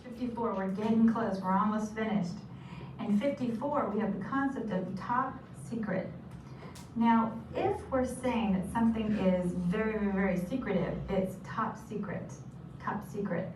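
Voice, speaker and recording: Captured from afar in an echoey room with noise, a woman explains sign language vocabulary. Her medium-pitched voice keeps a moderate pace as she patiently speaks each term and says it again.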